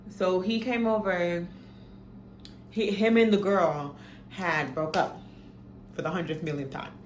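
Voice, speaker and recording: A woman's voice: on the low side, a little slow. Young woman, echoey. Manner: animated, profane, dramatic retelling. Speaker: storytime vlogger. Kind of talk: casual storytime. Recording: echoey room, faint background noise.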